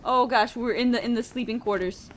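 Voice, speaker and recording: Woman, high voice, gameplay commentary, excitable, playful, faint noise. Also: fairly quick. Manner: excitable, frequent exclamations; playful storytelling. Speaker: gaming video host.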